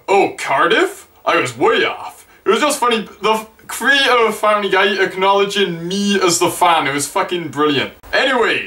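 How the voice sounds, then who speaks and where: A young man from Wales, excitedly telling a story to camera and swearing freely. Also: high voice. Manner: excitable, sweary, gushing fan. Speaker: vlogger.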